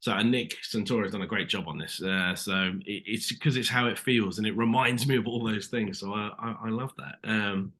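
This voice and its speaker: A British man with a bright, forceful voice tells stories as an interview guest, talking loosely and filling gaps with little asides. He speaks over a video call. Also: on the low side, fairly quick, hardly any pauses. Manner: chatty, lots of "you know" asides. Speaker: actor guest. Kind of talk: casual interview storytelling.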